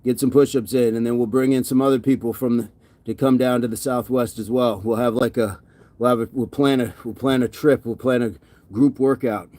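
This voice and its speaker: A man's voice: mid-range voice, steady tone, brisk, warm tone, dry recording. Sweaty man chatting on a workout stream. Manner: reads viewer comments aloud and repeats himself. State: sweaty and winded from exercise. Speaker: fitness livestreamer. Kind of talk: casual livestream chat while working out.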